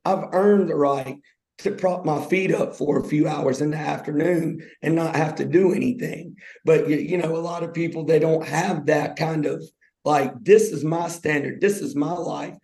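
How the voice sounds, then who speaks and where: A man's voice: fairly high pitch, darkish tone. A male podcast co-host who works as an athletic trainer, talking in an informal, slangy way. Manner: informal and slangy, says "bro" and "man". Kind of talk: casual chat. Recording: roomy echo.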